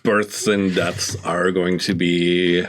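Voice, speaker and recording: Low voice dude chatting as a player, easygoing thoughtful ideas, little hiss. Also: male voice, level tone, slow pace, fairly bright tone. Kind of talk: casual tabletop world-building chat.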